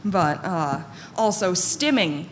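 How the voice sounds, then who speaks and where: A woman's voice: fairly low pitch, animated, slow. A woman giving a candid, self-deprecating talk to a conference audience, with many fillers and restarts. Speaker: conference panel speaker. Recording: long hall reverb, faint room noise.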